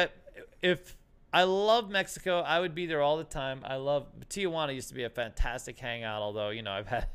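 A middle-aged man spins a story in a relaxed chat, his voice smooth and resonant and set a little high for a man. He acts out the other people in his tales and breaks into laughter often.

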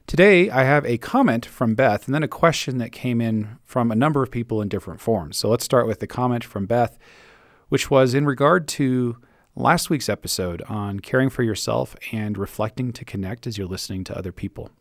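A man's voice: medium pitch, fairly quick, dry recording, clean studio sound. Encouraging man hosting an advice podcast. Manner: encouraging, reassuring. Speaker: podcast host and leadership coach.

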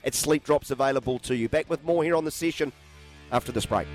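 A man's voice: mid-range voice, quick pace, music in the background. A man hosting a sports radio show, chatting casually and teasing his co-host. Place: radio studio.

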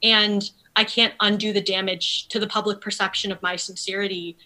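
A woman guest on a podcast, explaining her views earnestly and fluently, with many "like" and "you know" fillers. Her voice is bright and sharp. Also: mid-range voice, flat delivery, rough recording. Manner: earnest, articulate, fast talker with fillers. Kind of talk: conversational interview.

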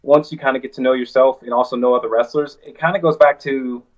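Male wrestler guest, rambling storyteller, mid-pitched voice, dull lo-fi remote line. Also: fairly even intonation, quick pace. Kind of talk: casual interview chat.

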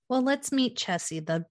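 Animated woman recapping a movie. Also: a little high, no echo, studio quality. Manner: animated retelling, acts out character lines. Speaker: podcast co-host. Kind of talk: casual movie recap chat.

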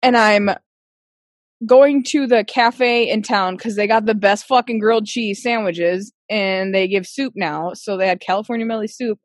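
A woman's voice: medium pitch, normal speed, dry recording, studio quality. A woman, telling stories in casual podcast chat, cursing freely and acting out what people said. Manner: profane, animated storyteller, acts out quotes.

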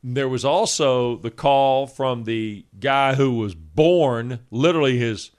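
Man, sports radio co-host, brisk, fact-heavy, dry humor. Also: mid-range voice, clear, resonant tone. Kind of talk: sports radio talk, reading stats.

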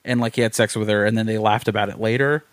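A man's voice: on the low side, steady tone, fast talker, no echo. A man co-hosting a casual podcast, talking bluntly and emphatically, with plenty of swearing. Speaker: podcast co-host.

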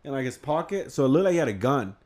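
A young man with a twang tells a long story among friends. He rambles, swears freely and acts out the lines of everyone involved, at a middling pitch. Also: big pitch swings, fast, darkish tone. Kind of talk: casual storytelling chat.

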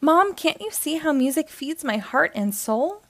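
A woman's voice: high-pitched, expressive, takes it slowly, dry recording, exaggerated voice. A woman voicing a small young male ant who dreams of rock stardom, eager and pleading.

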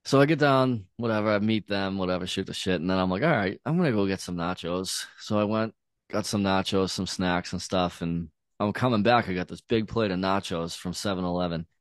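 A man's voice: low voice, brisk, no room sound, studio quality. A man telling a laid-back story as a podcast host, swearing often and filling his talk with "like" and "dude". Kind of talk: casual storytelling chat.

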